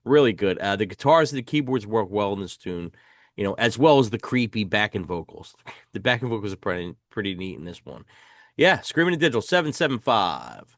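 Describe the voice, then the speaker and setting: A man's voice: on the low side, lively intonation, fairly quick, dry recording, clean studio sound. Enthusiastic man hosting a casual review. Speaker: podcast host. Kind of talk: casual album review chat.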